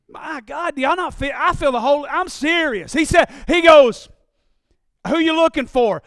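A man preaching a sermon in a church, moving from quiet, confiding talk up to loud, shouted preaching. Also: very high voice, normal speed, no echo, clean studio sound. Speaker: pastor. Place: church sanctuary.

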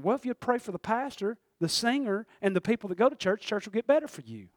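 A man preaching a folksy, animated sermon that swings between loud and hushed. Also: extremely high pitch, fast, few pauses, dry recording, clean studio sound. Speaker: pastor.

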